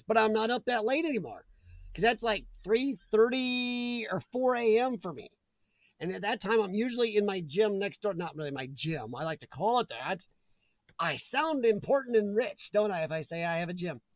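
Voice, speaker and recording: Chatty high-voiced man streaming live. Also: no room sound. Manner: rambling and chatty, reading out viewer comments. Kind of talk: casual live-stream chat. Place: home streaming room. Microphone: desk mic.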